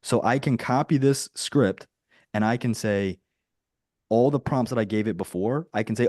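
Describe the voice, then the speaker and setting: A man coaching on a group call, talking in a direct, dry-humored, flat way and often trailing off with "right?". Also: mid-range voice, moderate pace, dry recording. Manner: rambling, with many restarts and "right?" tags. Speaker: business coach. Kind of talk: casual teaching on a group call.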